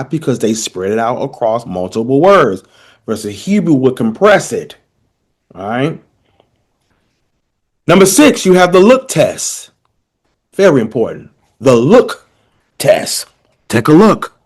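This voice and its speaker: A man's voice: medium pitch, darkish tone. A man teaching a lesson, explaining points emphatically and checking in with his listeners as he goes. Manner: emphatic, addresses listeners directly, checks in often. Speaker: teacher presenting a language comparison. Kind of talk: lecture-style explanation.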